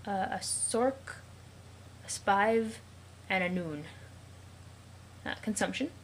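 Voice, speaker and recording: A woman hosting a let's play, reading a web comic aloud in a playful, mock-dramatic way with quick joking asides. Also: medium pitch, a little hiss or hum, rough recording. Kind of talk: casual comic read-along with asides.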